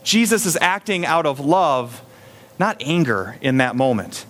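A man's voice: medium pitch, expressive, unhurried, fairly bright tone. A man preaching a sermon in a conversational way, acting out little scenes with a raised voice. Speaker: pastor.

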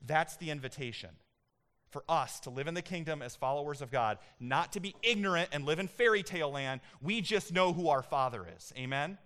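A man in his thirties delivers a sermon with a bright, high tenor. His tone is smooth and clear, and he shifts between animated storytelling and emphatic points. He sounds like a pastor speaking to a congregation. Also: fairly quick.

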